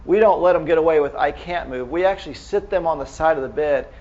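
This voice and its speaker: A man's voice: a little high, quick pace, a little mellow, muffled recording. A man giving a live lecture to clinicians, speaking casually and asking the audience rhetorical questions. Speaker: medical lecturer.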